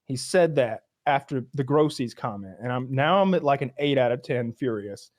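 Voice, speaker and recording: A man hosting a podcast who tells a story in an animated, ranting way and swears often. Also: mid-range voice, normal speed, no room sound, clean studio sound. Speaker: podcast host. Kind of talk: casual storytelling chat.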